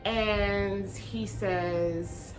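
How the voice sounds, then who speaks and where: A woman vlogger telling a story to her camera, blunt and animated, with swearing and slang. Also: mid-range voice, extremely slow, over music.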